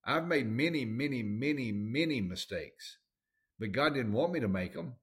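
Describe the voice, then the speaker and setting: A man's voice: medium pitch, lively intonation, normal speed. A man with a Southern accent preaching a sermon, folksy and emphatic, with plain everyday grammar.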